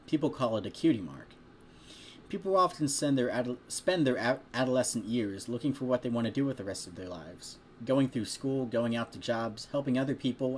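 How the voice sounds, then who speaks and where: A man's voice: medium pitch, a little mellow, a little hiss or hum. A man casually reading a fan story aloud, chatty and stopping now and then to joke about the text. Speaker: fanfiction reader.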